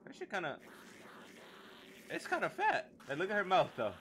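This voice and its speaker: Lively crude young male streamer. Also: high voice, moderate pace, slight background noise. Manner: crude joking, excitable outbursts. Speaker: game streamer. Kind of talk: casual gaming banter. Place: home streaming setup.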